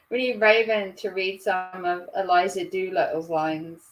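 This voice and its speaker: A woman's voice: fairly low pitch, fairly even intonation, measured pace, far from the mic, slight background noise. Giggly woman with a Norfolk accent. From Norfolk, England. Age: 30s. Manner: chatty, giggly, self-mocking. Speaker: livestream host. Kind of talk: casual chat reading viewer comments.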